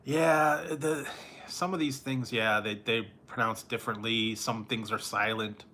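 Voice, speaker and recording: A man's voice: mid-range voice, steady tone, pushed and bright, slight background noise. A tired man rambling and chuckling as he chats casually with viewers on a late-night livestream. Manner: rambling, chuckling often, drawn-out slow delivery. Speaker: food reviewer chatting with live viewers.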